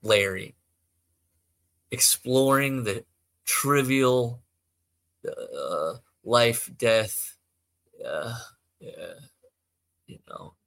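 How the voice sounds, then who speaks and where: A man's voice: mid-range voice, drawn-out words, gravelly, long pauses, a bit bright, no room sound. A man hosting a podcast who reads amateur fiction aloud, stumbles, corrects himself, and breaks off into rambling asides. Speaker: podcast host.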